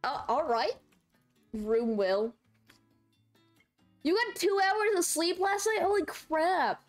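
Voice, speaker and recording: A woman's voice: very high-pitched, lively intonation, takes it slowly, faint music behind. A young woman in college streaming a game, chatting casually, laughing and answering viewers. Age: young adult. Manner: chatty, laughs a lot, reads chat aloud. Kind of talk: casual gaming stream chat.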